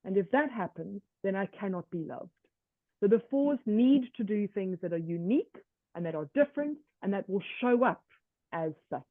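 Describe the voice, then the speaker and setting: A woman presenting a workshop lecture in a measured way, often slipping into first-person examples. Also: mid-range voice, animated, no room sound. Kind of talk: online lecture. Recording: tinny dry call audio.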